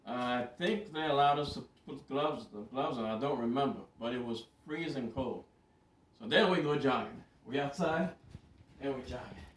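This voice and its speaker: A man telling a story in a casual, animated way to a camera, repeating words for emphasis. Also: mid-range voice, normal speed. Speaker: vlogger. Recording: roomy, distant from mic.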